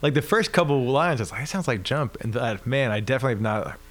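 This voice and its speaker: A man's voice: medium pitch, animated, fast talker, a bit bright. A man who is a musician, guest on a podcast, talking in an easygoing, friendly way and laughing readily. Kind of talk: casual interview chat.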